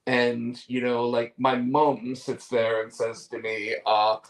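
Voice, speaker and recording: A man's voice: mid-range voice, level tone, slow pace, rough recording. A man hosting a casual chat show, retelling clips in a rambling way with lots of fillers. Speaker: host.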